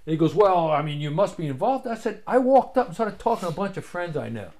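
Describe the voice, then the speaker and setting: Fast-talking man swapping stories. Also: high-pitched, a loud crowd. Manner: animated, acts out quoted voices, swears freely. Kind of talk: casual storytelling chat.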